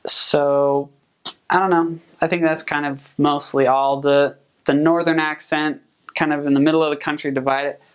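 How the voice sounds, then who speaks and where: A young man, a returned missionary, giving relaxed, chatty advice full of fillers. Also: a little high, moderate pace, clear, resonant tone. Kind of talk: casual advice talk.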